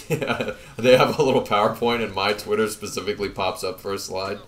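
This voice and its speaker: A young man hosting a let's play, joking casually with a co-host and breaking into sudden yells at the game. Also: fairly low pitch, steady tone, normal speed. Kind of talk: casual gameplay commentary.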